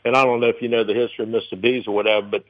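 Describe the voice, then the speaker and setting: A man's voice: fairly low pitch, flat delivery, very fast. Man telling stories over a phone line. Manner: rambling, many fillers and acted quotes. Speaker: restaurateur guest. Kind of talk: casual interview storytelling.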